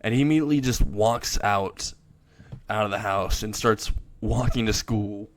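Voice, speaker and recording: A man's voice: lowish voice, normal speed. A young man casually narrating an improvised fan story, rambling and crude, laughing at his own jokes.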